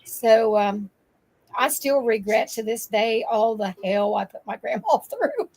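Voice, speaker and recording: An older woman, a grandmother, telling lively farm stories in casual chat and laughing often. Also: fairly high pitch, a little slow, vocal fry, poor audio. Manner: animated storyteller, laughs often. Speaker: guest.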